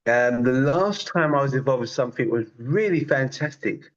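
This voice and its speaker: Animated male testimonial speaker, chatty with filler words, dull video-call audio. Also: medium pitch, normal speed. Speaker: network marketer giving a testimonial. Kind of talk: online group call testimonial.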